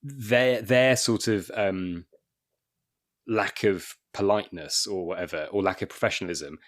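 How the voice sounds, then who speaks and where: Low-voiced man, rambling chat. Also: unhurried. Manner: rambling, many restarts, acts out little dialogues. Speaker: comedian guest. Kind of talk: casual podcast chat.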